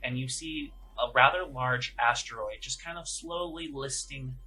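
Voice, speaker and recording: A man's voice: medium pitch, unhurried, sharp tone, slightly rough, soft background music, poor audio. A man narrating as game master of a tabletop game, in a casual, rambling way with many fillers.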